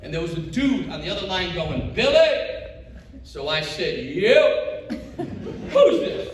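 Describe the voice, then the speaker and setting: A middle-aged male stand-up comedian performs a set on a comedy show stage, telling stories in an unhurried but animated, high-energy way and acting out dialogue. The noisy live recording is echoey and distant, with audience laughter in the background.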